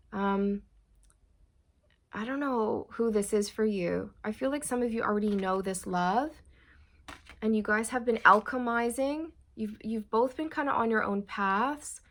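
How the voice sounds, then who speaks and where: Gravelly-voiced woman doing a tarot reading. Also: a little high. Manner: meandering, reassuring, addresses viewers as you guys. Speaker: tarot reader.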